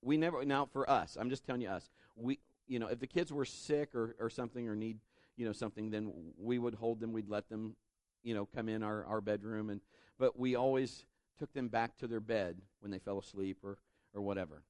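A man's voice: fairly low pitch, fairly quick, hardly any pauses, no echo. A middle-aged man preaching a sermon, telling a family story and acting out the voices in it. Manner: animated, acts out voices in his stories.

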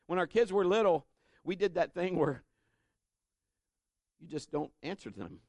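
Unhurried and high-sitting, this middle-aged man's voice comes through a dry recording as he delivers a sermon. He relates a family story with animation, performing each character's voice himself.

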